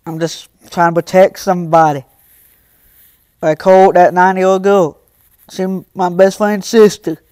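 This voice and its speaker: High-voiced young man scolding his chat. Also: level tone, unhurried, darkish tone, clean tone, no echo, studio quality. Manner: talks back to chat, scolding and joking. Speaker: livestreamer. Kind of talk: casual live stream chat.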